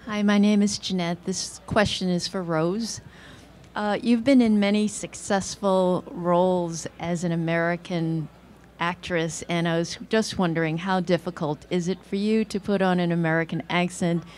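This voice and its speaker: A woman's voice: lowish voice, fairly even intonation, moderate pace, a little mellow, a little hiss or hum. A woman in the audience politely asking the panel a question, a bit hesitant. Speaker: audience member.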